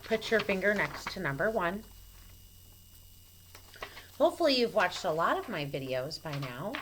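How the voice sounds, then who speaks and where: A woman teacher giving a recorded phonics lesson to children, speaking slowly and patiently and spelling out each letter clearly. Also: fairly low pitch, big pitch swings, noisy background. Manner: slow, patient and clearly enunciated. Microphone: camera mic.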